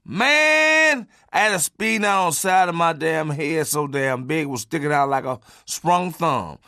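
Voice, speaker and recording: A man telling a comic story from his own life, animated and profane, swinging from loud bursts to low asides. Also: moderate pace, creaky, no echo, studio quality.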